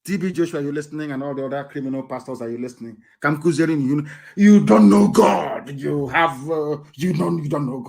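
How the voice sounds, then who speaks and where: A Nigerian-accented man with a fairly high voice preaches on a live broadcast. He lectures with scorn, reads scripture slowly, and swings between loud bursts and soft asides. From eastern Nigeria. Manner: reads Bible verses aloud slowly, pausing and restarting. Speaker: activist broadcaster.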